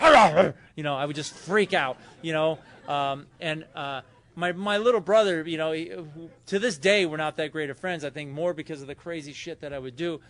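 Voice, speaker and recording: Rambling man telling his recovery story. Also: on the high side. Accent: Southern California. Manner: loose, rambling, acts out quotes loudly. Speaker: recovery meeting speaker. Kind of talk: personal story told to a meeting. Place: hotel meeting room.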